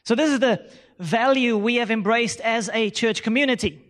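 A man with a very high voice preaches a sermon with emphasis. He repeats his key phrases and calls on the congregation to say lines back to him, building each point step by step. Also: moderate pace, fairly bright tone. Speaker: pastor.

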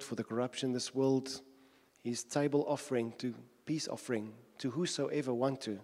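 A man's voice: medium pitch, a little mellow, big-room sound. A man preaching a sermon in an earnest tone, repeating his phrases and building with rhetorical questions.

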